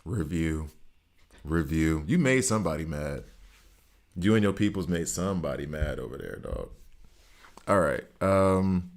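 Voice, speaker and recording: With a deep, creaky voice, lively intonation and long pauses, a middle-aged man streams a game at normal speed. He's chatty, teases the people in his chat, and reacts to the gameplay while talking to viewers.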